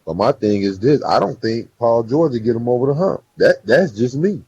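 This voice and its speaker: A man's voice: mid-range voice, animated, moderate pace, mellow, breathy edge, no room sound. A man co-hosting a podcast, arguing sports points in slangy casual talk and reeling off stats. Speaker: podcast co-host. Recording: dry, dull, slightly muffled mic.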